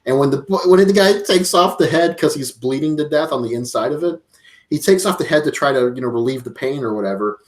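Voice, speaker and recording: A man's voice: a little high, brisk. A man co-hosting a podcast, retelling a film in a casual, profane way, acting out lines and laughing often. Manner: animated, profane storytelling with acted-out quotes and laughs. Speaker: podcast co-host. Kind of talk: casual movie review chat.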